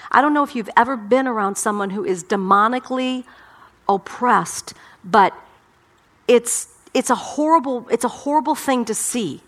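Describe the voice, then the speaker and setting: A woman's voice: fairly high pitch, moderate pace. A middle-aged woman pastor delivering a sermon, emphatic and impassioned, often repeating her words.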